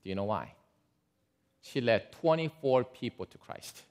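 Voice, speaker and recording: A man preaching, walking his congregation through a story with plenty of asides. His pitch rises and falls a great deal as he talks, and he sits at an ordinary middle pitch for a man. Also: animated, a little slow, a little mellow. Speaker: pastor. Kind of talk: sermon storytelling.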